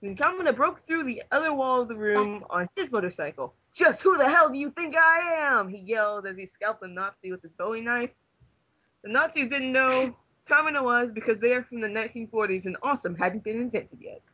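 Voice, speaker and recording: Bright young man reading deadpan. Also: extremely high pitch, brisk, no room sound, muffled recording. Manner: deadpan reading, fighting back laughter. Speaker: reader among friends. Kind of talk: reading fanfiction aloud.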